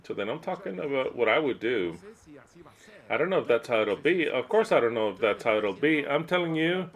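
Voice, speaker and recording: A man's voice: big pitch swings, fairly quick. Emphatic man voicing a sermon. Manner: emphatic, swings from low muttering to loud outbursts. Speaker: interpreter voicing a preacher. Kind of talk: interpreted sermon.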